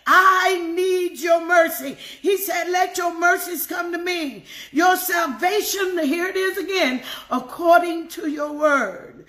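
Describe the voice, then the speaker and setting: A woman's voice: very high-pitched, fairly bright tone, roomy sound. A woman leading a devotional sermon, fervently praying aloud and repeating her phrases. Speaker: devotional teacher. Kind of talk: prayerful sermon on scripture.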